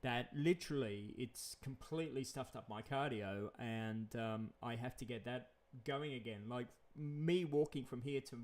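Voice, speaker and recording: Aussie guy rambling on in a vlog, repeats himself a lot, chuckles here and there, medium pitch. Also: a little slow, few pauses, a little mellow. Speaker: vlogger. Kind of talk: casual rambling monologue.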